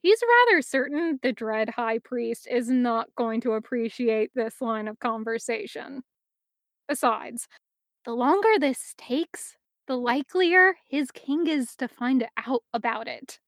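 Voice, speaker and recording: A woman's voice: fairly high pitch, unhurried, no echo, clean studio sound. Giggly young woman reading fan fiction. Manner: giggly, easygoing. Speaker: fan audiobook reader.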